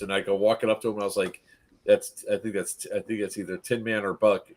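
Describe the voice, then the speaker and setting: A man's voice: lowish voice, fast, a little mellow. Guy retelling his game event to buddies, laughs a lot, does the players' voices. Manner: laughing storyteller, acts out players' lines. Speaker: event organizer recapping a game. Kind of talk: casual group chat recap.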